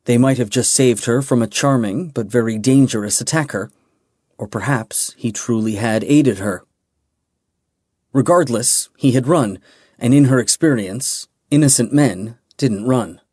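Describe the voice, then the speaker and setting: Slow, measured man narrating fantasy. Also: medium pitch, darkish tone, husky, no room sound, clean studio sound. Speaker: audiobook narrator.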